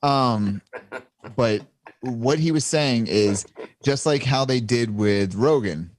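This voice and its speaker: A man's voice: medium pitch, takes it slowly, dry recording. A man co-hosting a casual podcast, talking bluntly with lots of swearing and laughter. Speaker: podcast co-host. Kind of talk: casual chat.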